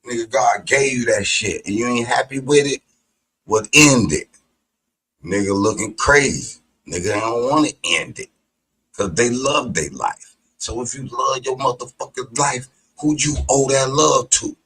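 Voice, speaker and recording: A man delivering a heated, profane, preachy monologue, combative in tone and breaking into sudden shouted outbursts. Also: mid-range voice, animated, unhurried, slightly rough, poor audio.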